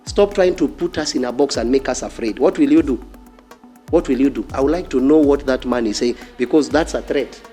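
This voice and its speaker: A man's voice: mid-range voice, fairly quick, mellow, soft background music. A man with a Kenyan accent preaching a fiery sermon, repeating phrases and challenging his listeners directly. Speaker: pastor.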